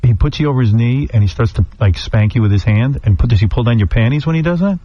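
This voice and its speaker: Husky guy on the radio, talks fast, super blunt and nosy, dry studio. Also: medium pitch, dry recording, lo-fi sound. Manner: blunt, prying, flirtatious questioning. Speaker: radio show host. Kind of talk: radio interview.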